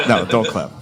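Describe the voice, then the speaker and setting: A man doing a stand-up comedy set, crude and profane, laughing his way through his lines. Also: mid-range voice. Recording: noisy recording.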